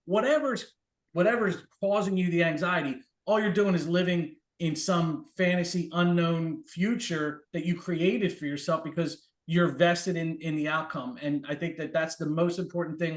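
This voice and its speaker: A man speaking as a podcast guest, giving emphatic, motivational advice in casual conversation. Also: fairly high pitch. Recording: echoey room.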